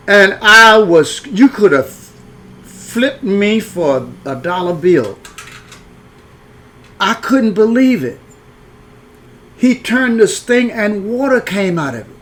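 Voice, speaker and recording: A man's voice: fairly high pitch, lively intonation, slow pace, long pauses, a bit bright. A man telling a personal story in a frank, rambling folksy way, full of restarts. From rural upbringing.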